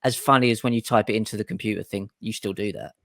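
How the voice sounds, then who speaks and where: A man's voice: fairly low pitch, quick pace, creaky, fairly bright tone, no room sound, clean studio sound. A man, trading laid-back, sweary banter as a podcast host. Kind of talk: casual chat.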